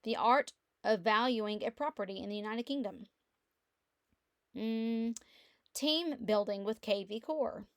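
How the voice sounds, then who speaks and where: Middle-aged woman with a lilt, chatty and upbeat, computer mic at home, fairly high voice. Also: dry recording, clean studio sound. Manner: chatty, animated storytelling with laughs. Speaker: real estate agent. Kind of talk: casual screen-share walkthrough. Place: quiet room at home.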